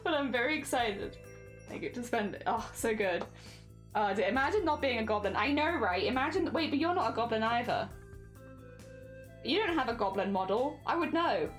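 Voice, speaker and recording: A woman's voice: a little high, expressive, moderate pace, faint music behind. A woman livestreamer chatting casually with viewers while crafting, giggly and rambling, laughing often.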